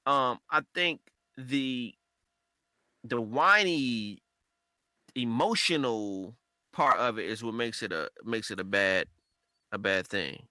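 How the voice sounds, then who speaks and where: A man co-hosting a casual podcast chat, talking in an animated way and acting out quoted conversations. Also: mid-range voice, slow, long pauses, dry recording. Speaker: podcast co-host.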